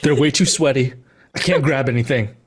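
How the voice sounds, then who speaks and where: A man's voice: mid-range voice, a little fast, breathy edge, lightly acted. A man voicing a shy, lonely male mummy mascot in a tabletop game, with an odd put-on accent. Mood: sheepish.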